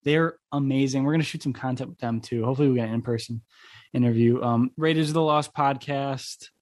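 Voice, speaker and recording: A man's voice: mid-range voice, brisk, a little mellow, no room sound. A young man from near Buffalo, New York, hosting a podcast in a rambling, casual way, full of fillers and swearing. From Buffalo area, New York. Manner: rambling, lots of "like" fillers, profane. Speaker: podcast host. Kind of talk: casual chat.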